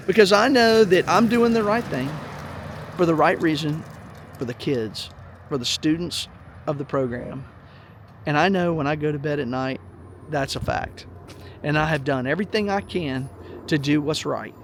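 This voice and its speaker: A man's voice: fairly high pitch, normal speed, a little hiss or hum. A middle-aged man telling a story in a blunt, profane, heated rant to his viewers. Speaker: vlog host. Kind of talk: blunt ranting monologue.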